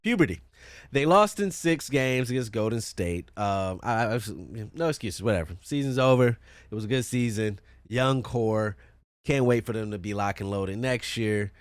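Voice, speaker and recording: A man's voice: mid-range voice, animated, moderate pace, fairly bright tone, clean tone, no room sound. A man hosting a solo podcast in a room with a fan running, talking casually and profanely, joking as he plugs his channels. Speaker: podcast host.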